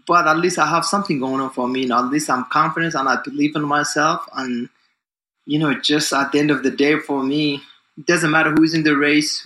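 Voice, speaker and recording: A distance runner in his forties, appearing as a guest in a casual interview, talks about himself with confidence and upbeat energy. His bright, forceful voice sits slightly high, and he rambles loosely, looping back with lots of fillers. The room is echoey.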